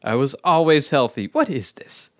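An actor playing a plain, mild-mannered accountant turned author, answering in a flat, baffled way. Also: male voice, mid-range voice, normal speed, dry recording, clean studio sound, lightly acted. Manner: flat, mildly baffled replies. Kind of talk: comedy sketch acting.

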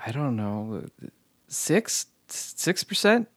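An actor playing a plain, mild-mannered accountant turned author, answering in a flat, baffled way. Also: male voice, medium pitch, extremely slow, no echo, exaggerated voice. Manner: flat, mildly baffled replies. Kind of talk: comedy sketch acting.

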